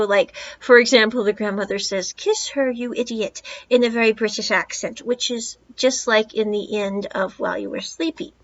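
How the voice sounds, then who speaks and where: A woman's voice: a little high, a bit bright, lo-fi sound. A woman in her thirties hosting a podcast, giving a rambling casual movie review with asides and retold dialogue. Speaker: podcast host reviewing a film.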